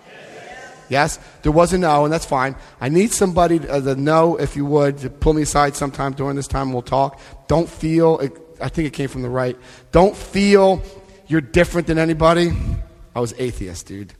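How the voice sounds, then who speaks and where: Man, convention speaker, emphatic, keeps checking in with the crowd, fairly high voice, long hall reverb. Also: moderate pace, darkish tone. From Florida, US. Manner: emphatic, often checks in with "Okay?"; directs listeners through book pages. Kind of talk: live talk to a convention audience. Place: large convention hall with an audience.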